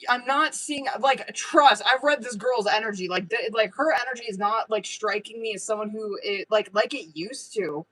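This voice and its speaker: A woman's voice: on the high side, normal speed, few pauses, bright, forceful tone, low-quality recording. A woman reading tarot on a live stream, talking casually with lots of swearing and fillers. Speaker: tarot reader.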